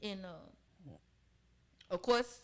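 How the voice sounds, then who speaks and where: An earnest young woman speaks as a podcast guest, recounting her own story in a conversational way. She often pauses to check that her listeners are following. Her voice sits at a middle pitch.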